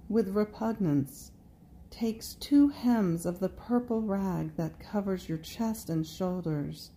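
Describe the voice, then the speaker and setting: A woman reading a devotional meditation in a slow, prayerful way, speaking directly to Jesus. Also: mid-range voice, mellow. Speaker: devotional reader.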